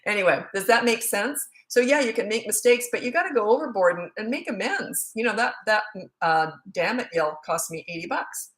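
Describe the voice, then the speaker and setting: A woman's voice: mid-range voice, expressive, fairly quick, a bit bright. Middle-aged lady parenting coach, blunt and jokey, rambles with asides, roomy echo. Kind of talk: casual Q&A monologue.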